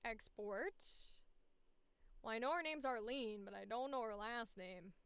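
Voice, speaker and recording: A woman's voice: fairly high pitch, a little slow, fairly bright tone, clear, resonant tone, dry recording. A young woman voice actor streaming casually, profane and self-mocking, muttering to herself at a close mic. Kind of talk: casual live-stream chat.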